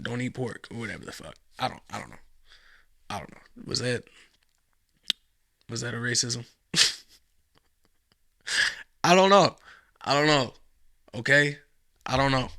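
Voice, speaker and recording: A man's voice: medium pitch, vocal fry, pushed and bright, no echo, clean studio sound. A man hosting a podcast, rambling casually through a profane monologue with sarcastic asides. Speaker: podcast host.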